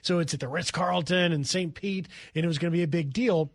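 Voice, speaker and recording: A middle-aged man fills in as a radio host and tells a long story in a lively, animated way, now and then acting out the people in it. His voice sits high for a man. The sound is dry and close to the mic, with no room around it. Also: brisk, no echo.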